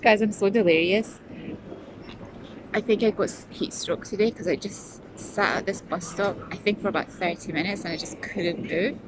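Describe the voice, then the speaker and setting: A woman's voice: medium pitch, moderate pace. A middle-aged woman from the UK, chatting casually to her phone camera as a travel vlogger, rambling and talking to herself between laughs. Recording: noisy outdoor recording with traffic.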